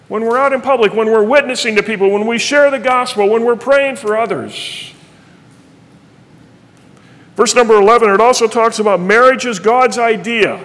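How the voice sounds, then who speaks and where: Middle-aged male pastor, high-pitched, earnest sermon delivery, reverberant church hall. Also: a bit bright. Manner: earnest preaching, reading scripture aloud.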